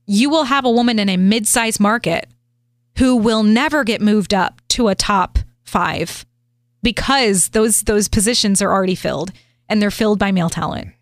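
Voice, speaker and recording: A woman's voice: mid-range voice, moderate pace, no echo. A woman with a radio background, speaking as a podcast guest in an earnest, articulate way. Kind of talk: casual interview chat.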